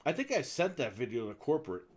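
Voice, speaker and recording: This gaming-show co-host speaks fast in a mid-range voice while telling a long, casual story. He's animated, curses freely, and acts out everyone involved.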